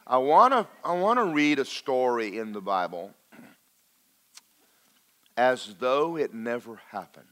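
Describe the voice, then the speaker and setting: Pastor, male, folksy sermon delivery with jokes and drawn-out emphasis. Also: medium pitch, very animated, a bit bright. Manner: preacherly, folksy and joking, slows for emphasis.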